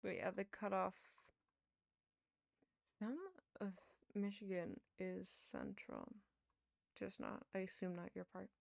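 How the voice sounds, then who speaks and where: A woman's voice: medium pitch, level tone, slow pace, creaky, pauses often, no room sound. A young woman streamer chatting casually while she plays a building game, rambling to her viewers. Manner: chatty, rambling, talks to chat while playing.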